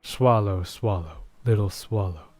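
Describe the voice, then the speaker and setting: A man reading a gentle commanding prince. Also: fairly low pitch, measured pace, no room sound. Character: gentle male statue prince, kind but commanding.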